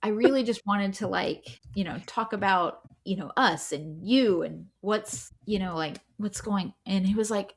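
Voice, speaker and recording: A woman's voice: mid-range voice, measured pace, few pauses. A woman co-hosting a podcast, telling a story in casual chat, chatty and full of fillers, often breaking into laughter. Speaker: podcast co-host.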